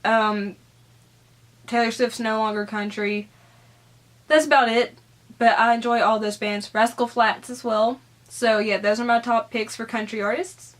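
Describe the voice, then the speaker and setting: A woman's voice: a little high, little pitch movement, unhurried. A young Southern American woman with a Southern accent, chatting casually as she answers viewer questions in her vlog. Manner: chatty, rambling, giggly.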